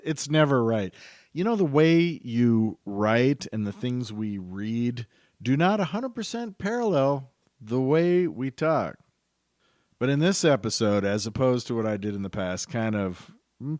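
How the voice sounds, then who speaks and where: A man's voice: lowish voice, a little mellow, smooth, dry recording, studio quality. A man hosting a podcast, talking in a rambling, enthusiastic, chatty way. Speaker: podcast host. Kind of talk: casual podcast monologue.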